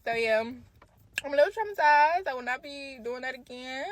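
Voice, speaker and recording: A woman telling a story in a casual, animated way, swearing freely and talking straight to her viewers. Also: high voice, moderate pace, dry recording.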